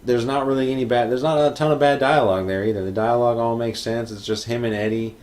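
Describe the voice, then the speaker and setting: A man's voice: mid-range voice, steady tone, fast talker, darkish tone. A man co-hosting a podcast, talking casually about a film with easy hesitations. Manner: easygoing, hesitant with fillers. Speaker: podcast co-host. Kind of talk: casual movie review chat.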